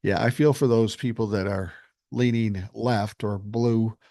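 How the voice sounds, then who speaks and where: A podcast host in his sixties from Minnesota, USA, answers live chat bluntly on a casual stream, swearing plenty yet sounding reasonable. His lowish, warm voice holds a steady tone at a measured pace. There's no room sound, and the audio is clean studio quality.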